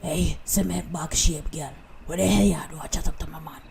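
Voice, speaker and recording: A woman voicing a low-voiced jealous Jamaican woman. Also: fairly even intonation, a little fast, gravelly, a little mellow, slight background noise. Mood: jealous scolding. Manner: scolding, bossy patois. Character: jealous tough older Jamaican woman, sharp-tongued.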